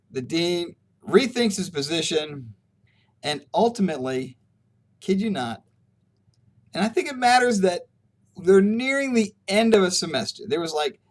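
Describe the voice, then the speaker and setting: Brief: male ethics lecturer, lively storyteller, slightly higher voice. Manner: conversational storytelling, acting out quoted exchanges. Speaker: ethics professor. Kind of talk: recorded lecture for students.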